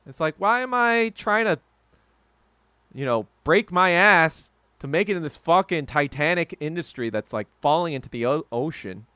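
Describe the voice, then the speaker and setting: A man hosting a solo podcast, ranting heatedly and with heavy profanity, swinging from low muttering to loud outbursts. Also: lively intonation, normal speed, clear, resonant tone, no echo, studio quality. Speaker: podcast host.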